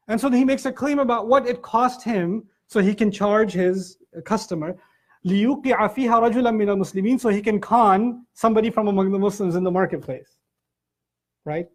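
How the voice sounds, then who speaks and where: A middle-aged man giving a Quran commentary lecture, telling stories and acting out the people he quotes. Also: high-pitched. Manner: animated storytelling, acts out quotes. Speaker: Islamic lecturer.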